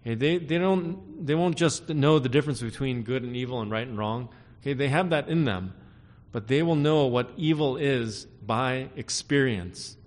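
Preacher in a reverberant hall. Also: male voice, moderate pace. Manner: expository preaching with frequent "right?" and "okay?" check-ins; rises in pitch and volume to stress key phrases. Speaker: pastor. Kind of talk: sermon.

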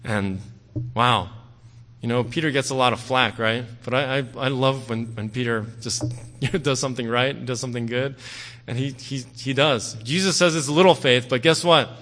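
Speaking at normal speed in a medium-pitched, slightly bright voice, a male pastor gives a conversational sermon. He frequently asks "okay?" and "right?", and the audio carries a long hall reverb.

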